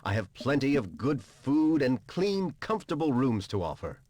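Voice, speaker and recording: An actor playing a friendly innkeeper in a video game, with a welcoming, effusive manner. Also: male voice, medium pitch, very animated, normal speed, a little mellow, no echo. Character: friendly male innkeeper, eager to serve.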